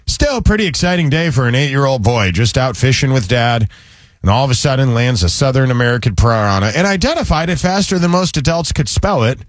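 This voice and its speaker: A man's voice: medium pitch, animated, fairly quick, no echo, clean studio sound. A man co-hosting a casual talk show, telling a news story with wry, teasing asides. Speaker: co-host.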